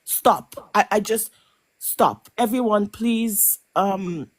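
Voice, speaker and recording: Woman panel guest, impassioned live commentary, halting restarts, emotional edge, mid pitch. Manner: emphatic, halting with many restarts and stammered repeats. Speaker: panel guest on a reality show podcast.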